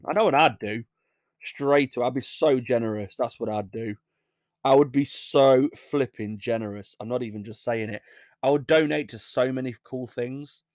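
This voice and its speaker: Young English guy, casual host, rambling and jokey, mid-pitched, dry close mic. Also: darkish tone, dry recording. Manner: rambling, jokey, laughs at his own asides. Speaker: podcast host reading news stories. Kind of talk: casual chat.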